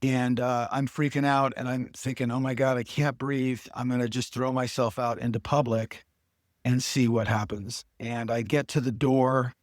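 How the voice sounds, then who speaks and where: A middle-aged man recounts his life in an earnest, conversational way. His voice sits in an ordinary middle pitch. The sound is close and dry, with no room around it. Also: dry recording. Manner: earnest storytelling with quoted dialogue. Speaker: podcast guest. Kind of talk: personal testimony in casual talk.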